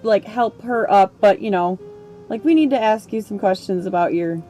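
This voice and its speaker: A woman's voice: mid-range voice, normal speed, dark tone, soft background music. A woman playing a tabletop game, chatting casually and mildly exasperated. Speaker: player.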